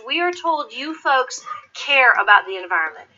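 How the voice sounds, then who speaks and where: A woman's voice: sits high, moderate pace. A woman recruiter giving job interview advice to an audience, acting out quoted people. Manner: animated, acts out quoted people. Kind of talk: lively talk to an audience. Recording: dull lo-fi recording.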